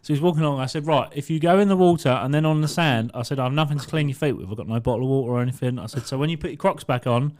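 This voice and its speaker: Racing along with hardly any pauses, a young English podcast co-host tells sweary stories, laughing often and doing voices for quotes. His voice is medium-pitched and a little mellow, captured by a studio mic on an arm during casual chat.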